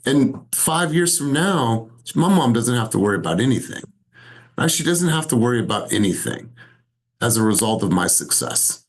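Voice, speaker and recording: A man's voice: medium pitch, very animated, moderate pace. Male sales coach, motivational, emphatic storyteller on a video call, mid-range voice.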